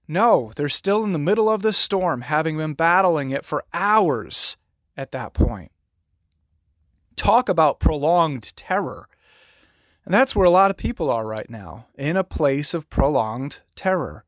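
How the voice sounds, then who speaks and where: A man from New Jersey preaching a sermon, telling the story with drama and slowing down, dropping low on key words. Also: very animated, no room sound, studio quality. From New Jersey, USA. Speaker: pastor.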